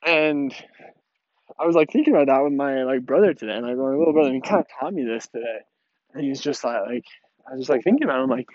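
A man's voice: medium pitch, expressive, fast talker, darkish tone, no room sound. Rambling young man vlogging, dull dry sound. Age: 20s. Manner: rambling, many fillers and restarts, laughs often. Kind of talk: casual talking-to-camera vlog.

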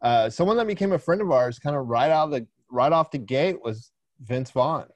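A man, co-hosting a podcast in easygoing, steady casual chat. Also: medium pitch, normal speed, dry recording, muffled recording. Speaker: podcast co-host.

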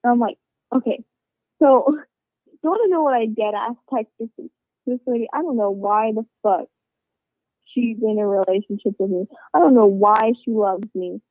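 A woman's voice: a little high, normal speed, dry recording. A woman telling a rambling, casual story, swearing a lot and filling it with "like" and "you know.". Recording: tinny phone-like sound, dry.

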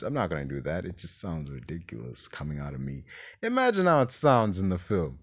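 A man's voice: low-pitched, wildly swooping pitch, a little fast, slightly rough. A man hosting a podcast, giving a casual movie review as an exasperated, rambling rant. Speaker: podcast host.

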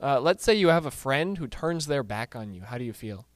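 A man's voice: mid-range voice, sing-song, fairly quick, dry recording. Guy leading a small group talk, lots of "you know" and "uh", dry close sound. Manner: many fillers, asks the group questions. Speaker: discussion group leader. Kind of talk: casual book discussion, teaching.

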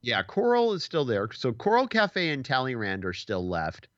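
A man's voice: mid-range voice, normal speed, no echo, highs cut off. A man in his forties, a podcast host, telling a story in casual chat and acting out the quotes. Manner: animated storyteller, acts out quotes.

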